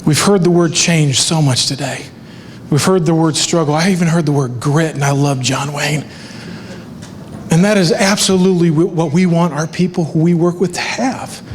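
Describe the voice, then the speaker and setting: A middle-aged man delivers a motivational talk on stage, telling stories with lively energy and jumping into playful voices for the people in them. His voice sits a little on the high side. It rings out with long reverb in a large hall, over a faint background hiss. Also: moderate pace. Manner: animated storytelling, acts out voices. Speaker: motivational speaker. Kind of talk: keynote speech with live art. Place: large hall with live audience.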